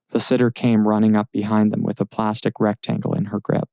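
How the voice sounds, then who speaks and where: A man narrates an audiobook in a steady, measured read. His low voice is dark and gravelly. It is recorded close and dry in a studio booth. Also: no echo.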